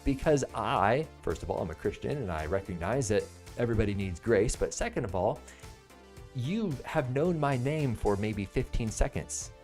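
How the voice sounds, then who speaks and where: An American man in his thirties hosting a live product-review stream, jokey and animated, jumping between loud bursts and soft asides. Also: mid-range voice, moderate pace, faint music behind. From United States. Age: 30s.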